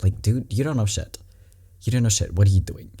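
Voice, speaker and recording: Low, mellow-voiced vlogger reacting candidly. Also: expressive, fairly quick, husky. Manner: candid, rambling, emotional asides. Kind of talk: casual reaction commentary.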